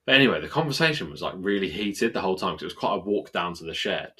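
A man on a casual podcast, recounting a run-in with lots of swearing and voiced back-and-forth. His voice is low and husky, with a forceful, tense edge. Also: quick pace. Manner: animated, swears freely, acts out both sides of arguments. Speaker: podcast co-host. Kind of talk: casual storytelling chat.

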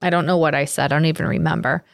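A chatty woman in her forties trading family stories on a podcast, laughing often. Her voice sits low and has a gravelly texture. The sound is dry and close. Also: steady tone, racing, dry recording. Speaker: podcast co-host. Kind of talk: casual chat.

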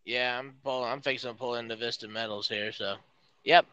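A man's voice: mid-range voice, fairly even intonation, fairly quick, sharp tone, clear, resonant tone, highs cut off. A man who is the host of a casual show, laid-back, giving brief replies and laughing often. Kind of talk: casual chat.

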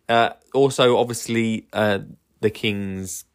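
A man's voice: lowish voice, steady tone, slow, smooth. A man hosting a casual solo podcast, rambling enthusiastically with lots of fillers and restarts. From England. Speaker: podcast host.

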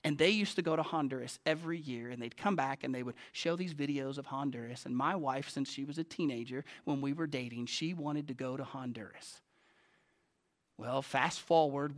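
Bright high-voiced male pastor. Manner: self-deprecating, conversational, animated. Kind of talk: storytelling sermon. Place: church sanctuary.

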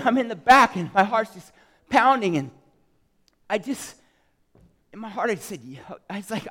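A man preaching a testimony with passion, swinging between yelling and soft, tearful speech. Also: sits high, lively intonation, moderate pace, long reverb tail. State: crying. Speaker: guest preacher. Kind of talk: sermon testimony.

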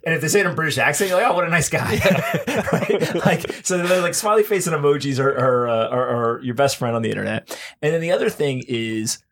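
A man hosting a podcast speaks in an emphatic, conversational way. He runs ideas together in quick bursts, restarts mid-phrase and keeps checking in with his guest. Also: medium pitch, gravelly, a bit bright, a little hiss or hum. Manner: fast bursts of talk with restarts. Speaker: podcast host. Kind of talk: casual conversation.

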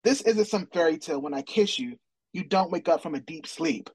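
A man reading out the lines of a brooding, centuries-old male vampire on a TV-show podcast, in a flat, mock-solemn way. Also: a little high, brisk, breathy edge.

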